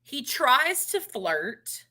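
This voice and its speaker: Woman, middle-aged, podcast co-host, casual chat, unhurried, bright tone. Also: high voice. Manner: slow, relaxed storytelling with frequent restarts.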